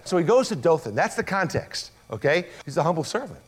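Dramatic storytelling preacher, fairly high voice. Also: male voice, big pitch swings, brisk, hardly any pauses, breathy edge. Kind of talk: sermon.

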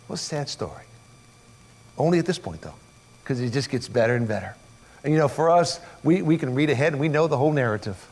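A man preaching a sermon and retelling a story with lively, dramatic delivery. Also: medium pitch, quick pace. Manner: dramatic storytelling that acts out voices.

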